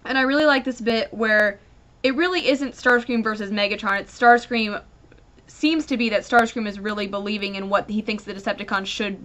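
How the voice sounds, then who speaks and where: Bright-voiced ranting woman reviewer. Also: mid-range voice, a little fast. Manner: animated, rambling, lots of fillers. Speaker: comic book reviewer.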